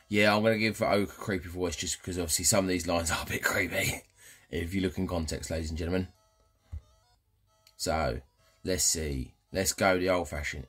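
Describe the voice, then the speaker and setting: A man's voice: sits low, steady tone, fairly quick, a bit bright, breathy edge, soft background music. A man giving cheeky, chatty commentary over a video game playthrough, often addressing viewers. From England. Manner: cheeky, banter-heavy, keeps addressing viewers. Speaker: gaming channel host. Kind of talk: casual let's-play commentary.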